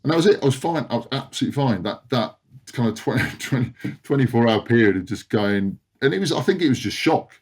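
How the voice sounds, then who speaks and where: A man's voice: medium pitch, fast, breathy edge. A man in his forties from England, a retired rugby player guesting on a podcast, telling stories with lots of laughter, swearing and stumbles. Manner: animated anecdote-teller, laughs often, swears, stumbles over words. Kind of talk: casual storytelling chat.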